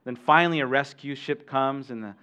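A man's voice: medium pitch, fairly quick, pushed and bright, clear, resonant tone, dull audio. A man preaching a sermon as pastor, talking conversationally with asides to the congregation and frequent restarts.

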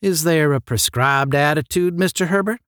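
A man voicing a cocky young cadet candidate who talks smoothly and confidently. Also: on the high side, normal speed, fairly bright tone, no echo, studio quality, pitched above the performer's own voice, close to an everyday voice. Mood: smug.

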